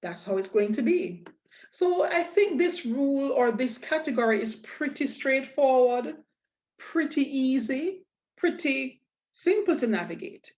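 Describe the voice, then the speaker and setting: A woman's voice: high-pitched, lively intonation, unhurried, a little mellow, highs cut off. A woman teaching a lesson, explaining patiently and spelling out letters one by one. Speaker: Spanish teacher. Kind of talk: online lesson.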